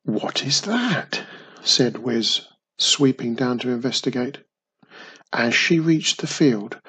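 A man reading a children's storybook aloud in a slow, expressive way. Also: mid-range voice, breathy edge. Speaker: storybook narrator.

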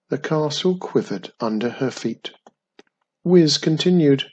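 A man narrating a children's story in a gentle, expressive reading. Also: fairly high pitch, unhurried, husky, muffled recording.

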